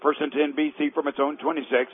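This press-box announcer has a fairly high, level voice with a breathy edge. He's calling live college football play-by-play on a tinny phone-line radio broadcast, and when a big play happens his voice jumps up and slows as he stretches the words.

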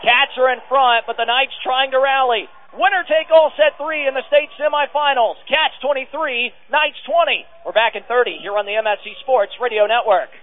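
Man, radio sports announcer, rapid play-by-play calls, faint background hiss. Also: very high-pitched. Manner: rapid calls that rise to excited shouts on big plays. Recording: tinny phone-like radio line with faint noise.

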